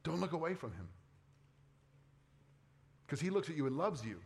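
A man's voice: a little high, sing-song, moderate pace, gravelly, a little mellow. Conversational man preaching a sermon. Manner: conversational, asks the congregation frequent questions. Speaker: pastor.

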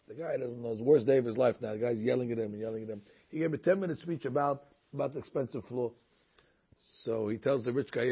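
A man's voice: medium pitch, quick pace, husky. A man teaching a recorded Torah lesson, telling stories and using many Hebrew terms. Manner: storytelling, sprinkled with Hebrew terms. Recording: muffled lo-fi recording.

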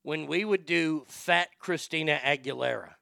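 A man talks in loose, animated podcast chat, cursing freely and tripping over quick restarts. His voice is bright and slightly raised, with a gravelly edge. It is recorded close and dry, with no room sound. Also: a little high, dry recording. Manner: profane, animated, stammering restarts. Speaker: comedian and impressionist guest.

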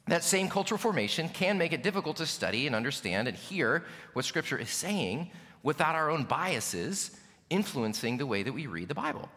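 A man's voice: mid-range voice, bright, forceful tone. An American man, a pastor, preaching an earnest, emphatic sermon full of rhetorical questions. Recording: long hall reverb.

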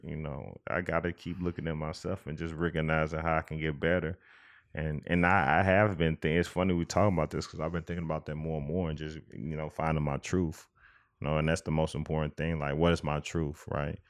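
A man's voice: rumbling low, flat delivery, brisk. A man co-hosting a podcast, talking earnestly and reflectively in a casual chat, with many restarts. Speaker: podcast co-host.

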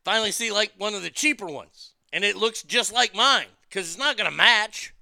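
A man's voice: high voice, moderate pace, vocal fry, sharp tone, dry recording, clean studio sound. A man telling a story as a profane rant, stammering and repeating his words as he swears.

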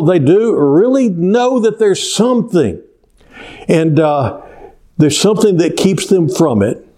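A man's voice: fairly high pitch, mellow. A man preaching a sermon as pastor, telling stories with emphatic repetitions and sometimes dropping to a near whisper.

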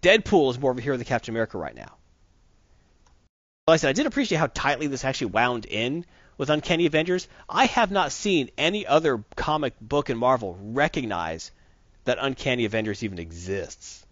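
A man's voice: medium pitch, fairly quick, no echo. Man, comic reviewer, casual podcast chat, opinionated, dry close sound. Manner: animated, rambling, opinionated. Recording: dull dry lo-fi recording.

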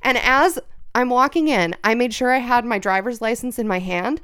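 A young woman with a smooth, clear, somewhat high voice tells a story on a podcast. She is animated, swears freely and plays out the people in her tale. Her speech is casual and quick. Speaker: podcast co-host telling a story.

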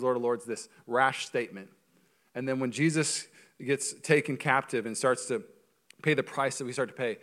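A male pastor preaching a sermon in a church, animated and joking, with quick asides. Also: medium pitch.

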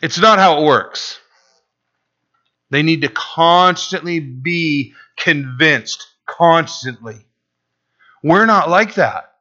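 Slow-preaching man pastor. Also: fairly high pitch, expressive, bright, forceful tone. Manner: emphatic, drawn-out preaching with rhetorical "right?". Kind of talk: sermon. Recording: dull lo-fi recording.

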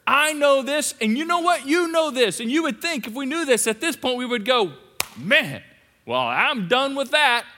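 A man preaching a sermon as pastor, swinging between loud emphatic repetition and hushed asides. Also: very high voice, a little fast, hardly any pauses. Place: large church hall. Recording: long reverb of a big hall.

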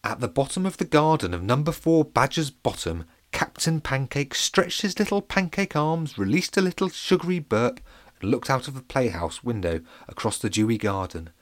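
A man's voice: medium pitch, expressive, moderate pace. A man narrating a children's audiobook, with playful asides to his listeners. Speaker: storyteller.

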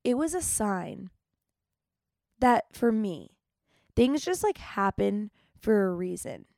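Young woman with a gravelly, dry voice. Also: medium pitch, takes it slowly, no room sound. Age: young adult. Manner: animated, chatty, with dramatic retellings. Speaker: podcast host. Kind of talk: casual storytelling monologue.

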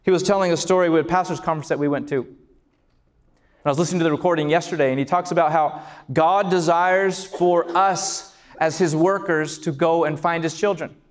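A man preaching a sermon as pastor, passionate and building to shouts on key lines. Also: fairly high pitch, steady tone, fairly quick. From California.

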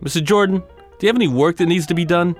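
A man's voice: high voice, very fast, soft background music, pitched above the performer's own voice, close to an everyday voice. A man voicing a nervous, eager young male medical student with a pleading, jittery manner.

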